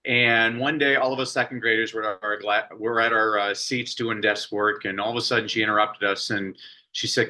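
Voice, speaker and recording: A man guest on a podcast, telling a childhood story in a lively storytelling way and acting out the voices in it. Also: mid-range voice, brisk, low-quality recording. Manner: animated storyteller, acts out quoted voices; softens to a hushed, emotional tone at times. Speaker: podcast guest, speaker and author. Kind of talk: storytelling in casual interview.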